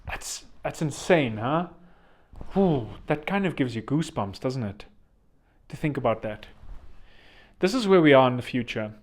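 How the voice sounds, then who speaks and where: A man's voice: medium pitch, animated, unhurried, pauses often. A man hosting a podcast, talking in a rambling, chatty way with joking asides. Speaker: podcast host. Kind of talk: casual podcast monologue.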